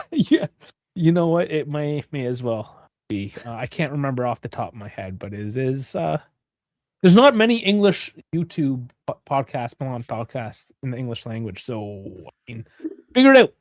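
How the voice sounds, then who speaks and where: A talkative man hosts a casual live stream, laughing easily between remarks. His voice sits at an ordinary middle pitch. The sound is dry and close, with no room echo. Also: big pitch swings, normal speed. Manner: chatty, laughs often. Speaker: host.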